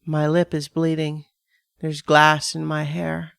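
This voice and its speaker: A woman reads a horror tale in the first person, unhurried and deliberate, every line given room to land. Her voice sits close on the mic in a dead-dry room with no echo at all. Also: low voice, completely flat delivery, creaky, fairly bright tone, clean tone. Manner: measured, dramatic first-person reading. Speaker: narrator. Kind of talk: scripted horror story narration.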